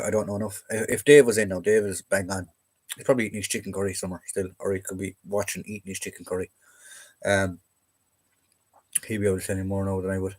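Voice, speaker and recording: A man's voice: lowish voice, darkish tone. A young Irish man hosting a casual militaria livestream, rambling and joking as he reads out viewer comments and questions. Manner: chatty, rambling, jokey, answers chat comments aloud. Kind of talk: casual live chat reading viewer questions.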